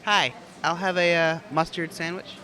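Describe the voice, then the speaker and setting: A man's voice: a little high, fairly even intonation, normal speed, background noise, pitched above the performer's own voice, lightly acted. A man acting out his own younger self as a timid, stammering young man ordering a sandwich. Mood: meek. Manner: hesitant, stammering.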